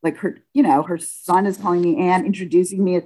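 This woman's casual personal story comes out in fits and starts, full of restarts and corrections to herself. When she quotes people, she acts out their words animatedly with dramatic pitch leaps.

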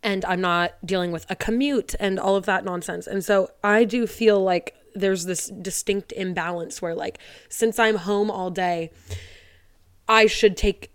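A woman's voice: medium pitch, fairly even intonation, measured pace, smooth. A young woman hosting a solo podcast from her living room, talking close into a mic. She rambles and fills her speech with "like", and she is tearful. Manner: rambling, heavy use of "like", tearful and laughing. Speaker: podcast host. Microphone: studio mic, close.

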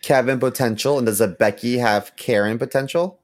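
A woman's voice: extremely low pitch, moderate pace, darkish tone. A woman comedian hosting a casual comedic chat, leading it with blunt questions. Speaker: comedian, podcast host.

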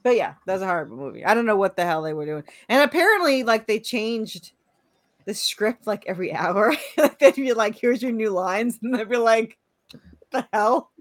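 Chatty woman with a lively voice. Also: medium pitch, a little fast, no room sound. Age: middle-aged. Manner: chatty, laughs often, trails off with fillers. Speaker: podcast co-host. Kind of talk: casual chat.

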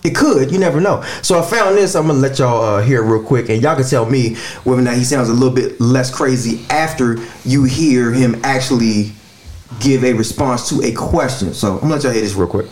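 A male podcast host talks in a loose, casual way. He gets animated and swears freely as he lays out his thoughts. His voice sits at an ordinary mid pitch. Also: a little fast. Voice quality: animated, profane, conversational.

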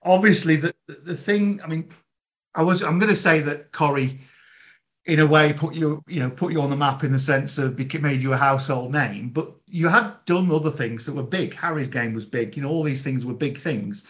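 A man interviewing an actor in a relaxed, conversational way. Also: fairly high pitch. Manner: conversational, quick bursts of questions. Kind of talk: casual interview chat.

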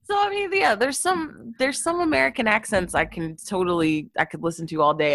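Woman actor and accent coach, interview guest; low voice, emphatic storyteller, dry recording. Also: animated, a little fast, few pauses, a bit bright, no room sound. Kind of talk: casual interview talk.

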